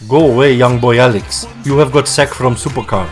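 A man's voice: medium pitch, brisk, soft background music, natural voice. A man putting on a pushy Russian-accented cabbie. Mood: scolding. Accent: put-on Russian. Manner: broken English, loud salesman delivery. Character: boastful immigrant male cab driver, pushy and scolding. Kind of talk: comedy ad skit.

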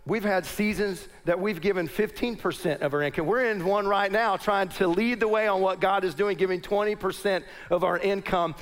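A middle-aged pastor, telling a personal story to his congregation as part of a sermon. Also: sits high. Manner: animated storyteller addressing a congregation.

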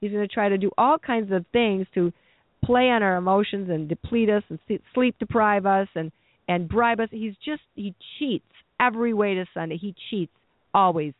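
Speaking at a moderate pace with medium pitch, this preacher gives a heartfelt sermon, circling back and restarting phrases as the idea grows. It's a dry, thin, phone-like recording.

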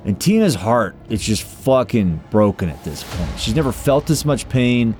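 A man's voice: lowish voice, very animated, moderate pace, darkish tone, faint music behind. A man playing a tabletop game, describing his character's moves with heavy swearing and intensity. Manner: intense, profane, caught up in the game. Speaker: player.

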